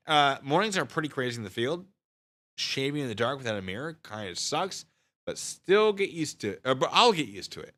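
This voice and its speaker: A man's voice: mid-range voice, fast talker. A man in his thirties telling army training stories to his live chat in a casual way, acting out the other voices. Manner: animated, acts out voices with loud shouts. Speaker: channel host recounting army training.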